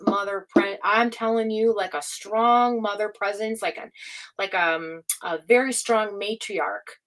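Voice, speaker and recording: A woman giving a casual livestream tarot reading, excitable, swearing freely and laughing often. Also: on the high side, low-quality recording. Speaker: tarot reader.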